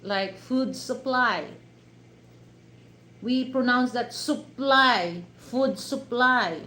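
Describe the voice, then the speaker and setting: Filipino-accented woman hosting a live stream, measured pace, lots of "you know" fillers, echoey room. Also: on the high side, pushed and bright, a little hiss or hum. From Philippines. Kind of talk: casual chat with live viewers. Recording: roomy echo, faint ambience.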